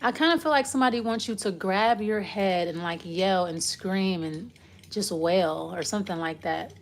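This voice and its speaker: With a medium-pitched voice at normal speed, a woman talks through a loose, casual tarot reading, rambling and trailing off as she goes. She's a tarot reader, and there's a little hiss or hum in the background.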